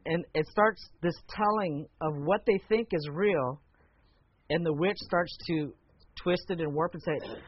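A man teaching a church class in a conversational, animated way, in a muffled lo-fi recording. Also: on the high side, unhurried, slightly rough, no echo. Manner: conversational, animated when retelling a story.

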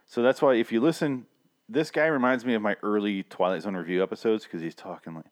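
Male podcast co-host, low voice, rambling and sweary, keeps clearing a sore throat. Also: quick pace. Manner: rambling, swears freely, laughs often. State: throat irritated, clearing it often. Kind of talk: casual profane chat.

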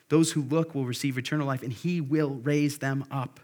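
A man's voice: a little high, steady tone, moderate pace, few pauses, darkish tone. A man preaching a sermon at a church service, earnest and conversational, repeating key phrases for emphasis. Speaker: pastor.

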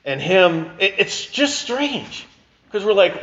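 A man's voice: high-pitched, sing-song, takes it slowly, a bit bright, highs cut off. A male pastor giving a sermon in a conversational, emphatic way, often restarting his sentences.

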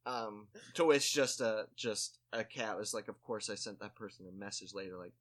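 A man's voice: fairly low pitch, steady tone, normal speed. A man telling a story in casual chat, rambling with lots of "like" and restarts and poking fun at himself. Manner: rambling, full of "like" and restarts, self-mocking.

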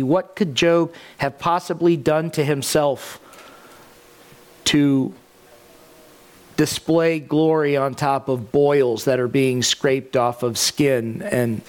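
A male pastor preaching a sermon in a relaxed, conversational way, with asides and the odd "um" and "uh". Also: a little high, clear, resonant tone.

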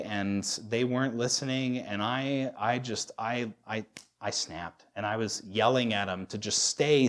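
A man in his thirties preaching a sermon as a pastor, candid and self-deprecating, often restarting his sentences. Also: medium pitch. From United States.

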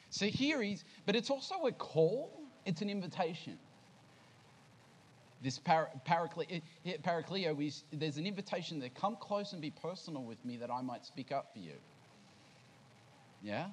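Aussie pastor giving a sermon, chatty, asks the crowd questions, bit of hiss behind. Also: male voice, a little high, low-quality recording. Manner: conversational preaching with questions to the congregation. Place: church service.

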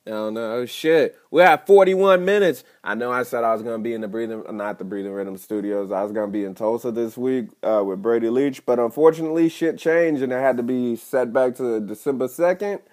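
A young man rambling and swearing through a solo podcast episode, cracking crude jokes and breaking into sudden loud outbursts. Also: medium pitch, fast, hardly any pauses. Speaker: podcast host and stand-up comedian. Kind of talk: casual rambling monologue.

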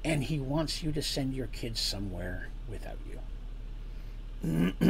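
A man's voice: medium pitch, expressive, takes it slowly, slight background noise. A man narrating a tabletop story as game master, casual and explanatory, with frequent asides.

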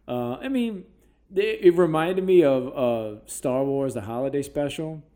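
Profane male podcast host who tells stories loosely and drops into quick silly voices. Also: medium pitch. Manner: profane, animated storytelling with comic impressions. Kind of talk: casual chat.

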